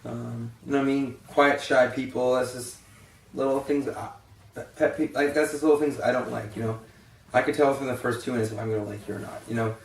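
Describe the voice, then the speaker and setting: A man's voice: medium pitch, steady tone, a little fast, gravelly, a little hiss or hum. A young man in a casual vlog, talking bluntly and swearing freely, rambling with many fillers and sounding tired, yawning. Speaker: vlogger. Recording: echoey room, distant from the mic.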